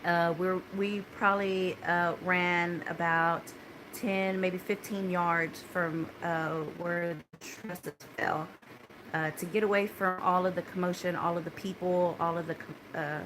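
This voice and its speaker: A woman with a fairly low voice tells a story into her phone. She rambles with fillers and restarts, pressing on with urgency. Noise can be heard clearly behind her. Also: fairly even intonation, unhurried. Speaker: concert survivor telling her story. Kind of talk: casual spoken account to a phone. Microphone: phone held close.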